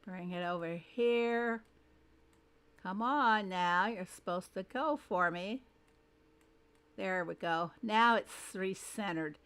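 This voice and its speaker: A woman's voice: mid-range voice, takes it slowly, pauses often, a bit bright, smooth. A woman hosting a casual game livestream, greeting viewers one by one by name and thinking aloud as she adjusts her screen. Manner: thinks aloud while fiddling with settings.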